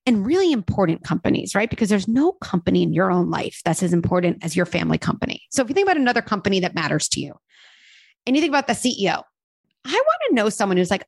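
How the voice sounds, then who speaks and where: A woman on a podcast talking about parenting and self-care in a casual, animated way, with lots of fillers. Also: medium pitch, fast, slightly rough, no echo. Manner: animated, uses many fillers and acted quotes. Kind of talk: casual conversational advice.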